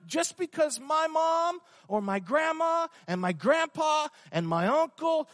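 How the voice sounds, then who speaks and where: A man's voice: very high voice, a bit bright, studio quality, pitched above the performer's own voice, heavily acted. A man voicing a brash young man who mockingly brushes off warnings. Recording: long hall reverb.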